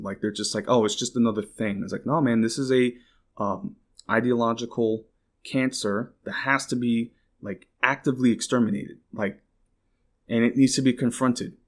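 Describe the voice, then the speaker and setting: A man's voice: medium pitch, normal speed. A man hosting a podcast, giving casual political commentary in a rambling, indignant way, swearing freely and filling his talk with "like". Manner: indignant, bursts out in exclaims. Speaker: podcast host.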